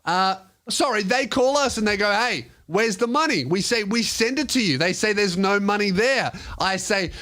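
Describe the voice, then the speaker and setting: A man's voice: sits high, lively intonation, moderate pace, few pauses, sharp tone. A young Australian man, a comedian and podcast host, telling an exasperated, profane story as a comic rant. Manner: exasperated, profane, mock-polite quoting.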